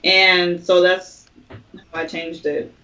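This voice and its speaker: A woman's voice: lowish voice, fairly even intonation, slow, sharp tone. Laughing woman guest, distant muffled mic. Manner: laughing easily. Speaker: podcast guest, event host. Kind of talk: casual chat.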